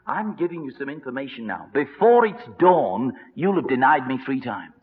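A preacher quoting a calm, grave male teacher in a quiet, measured voice. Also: medium pitch, natural voice. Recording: reverberant hall, dull lo-fi sound.

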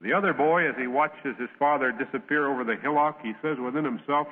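A man preaching a sermon, reading scripture in a measured, solemn way and telling a parable. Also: mid-range voice. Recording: tinny old radio broadcast, long reverb.

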